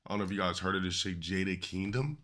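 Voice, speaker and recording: A man's voice: sits low, fast, fairly bright tone. A man streaming, ranting casually to his chat in a rambling, profane way that keeps trailing off.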